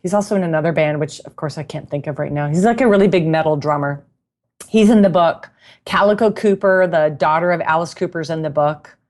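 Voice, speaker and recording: A woman guest in a casual interview, telling stories in a chatty, animated way and laughing often. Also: lowish voice. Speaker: guest musician and knitting author.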